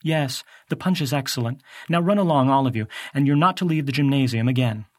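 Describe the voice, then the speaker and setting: A man's voice: high voice, huge pitch swings, brisk, dry recording, studio quality, pitched above the performer's own voice. A man doing a dazed, dreamy older woman teacher. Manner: hesitant, dreamy. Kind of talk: audiobook character voice.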